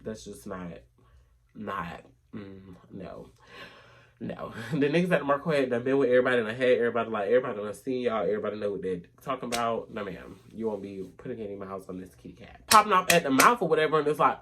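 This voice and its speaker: A woman vlogger telling a story in a sassy, animated way, often dropping to low mutters. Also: fast, husky. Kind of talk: casual storytime rant.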